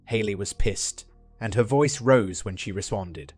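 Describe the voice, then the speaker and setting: A man narrating a written story in an even, steady reading voice. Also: fairly low pitch, unhurried, no room sound. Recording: dry voice-over with faint music.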